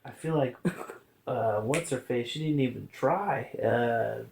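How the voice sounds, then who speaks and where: A man's voice: medium pitch, takes it slowly, creaky, slight background noise. Casual chatty man, roomy sound. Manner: relaxed, hesitant, drops into filler often. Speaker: podcast co-host. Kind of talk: casual chat.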